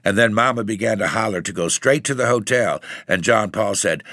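A man reading a story aloud in steady, even narration. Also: lowish voice, brisk, hardly any pauses, dry recording, studio quality. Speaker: audiobook reader. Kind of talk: scripted narration.

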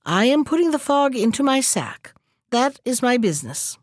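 A woman's voice: sits high, very animated, moderate pace, no echo, studio quality. Matter-of-fact fog-bagging man, read by a woman. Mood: plain.

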